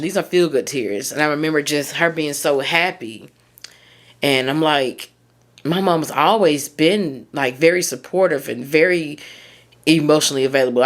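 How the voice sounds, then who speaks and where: A woman, hosting a solo podcast and talking candidly and heartfelt, often drifting off track. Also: deep voice. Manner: candid, heartfelt, rambling and prone to losing her thread. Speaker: podcast host and mindset coach.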